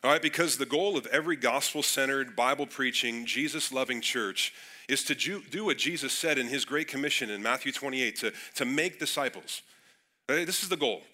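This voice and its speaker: A man's voice: medium pitch, fairly quick, pushed and bright. A young adult man, a pastor, giving a casual sermon, slightly nasal and congested, often repeating words as he starts phrases. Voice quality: a little nasal. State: congested from a cold.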